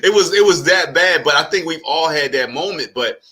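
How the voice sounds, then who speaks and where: A man hosting a casual chat with fellow comedians over a video call, lively and restarting his words as he talks. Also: fairly high pitch, brisk. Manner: lively, repeats words when starting. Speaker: host comedian.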